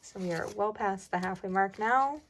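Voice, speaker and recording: A young woman chatting casually while budgeting for her vlog, often dropping into a soft whisper. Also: mid-range voice, moderate pace, noisy background. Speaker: budgeting vlogger. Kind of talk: casual cash-stuffing vlog narration.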